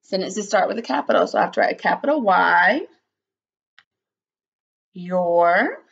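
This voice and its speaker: A woman teacher giving a slow, patient early-grade phonics lesson, spelling out letters and sounding out words. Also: medium pitch, huge pitch swings, vocal fry, fairly bright tone, breathy edge, lo-fi sound.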